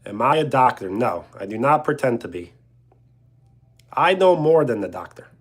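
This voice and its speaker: Husky-voiced joking male streamer. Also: mid-range voice, sing-song, moderate pace. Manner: joking, chuckling, reading viewer questions aloud. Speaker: livestreamer answering chat. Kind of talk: casual live chat.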